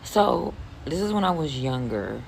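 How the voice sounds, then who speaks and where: Forties woman from philly, really deep voice, swears a lot telling stories, faint hiss behind. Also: a little slow, vocal fry, rough recording. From Philadelphia, US. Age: 40s. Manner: animated, profane, rambling. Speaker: storyteller. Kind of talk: casual storytime.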